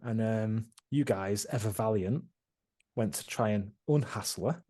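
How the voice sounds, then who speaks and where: A man's voice: on the low side, measured pace, mellow. A man, the game master, casually recapping a tabletop campaign with friends and laughing along. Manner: laughing, leading the recap with questions. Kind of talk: casual chat among friends.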